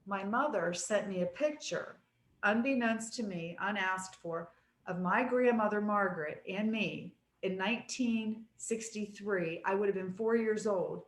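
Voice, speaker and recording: A woman's voice: mid-range voice, echoey room. A woman guest on a talk show, telling personal stories in an earnest, reflective way. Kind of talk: casual conversation.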